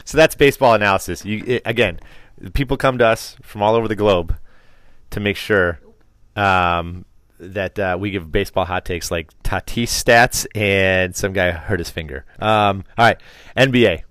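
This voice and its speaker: Man, middle-aged, very low voice, rambling teasing sports talk, dry close sound. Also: normal speed, fairly bright tone, clean tone, dry recording. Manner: rambling, teasing, restarts a lot. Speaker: podcast host. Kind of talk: casual chat.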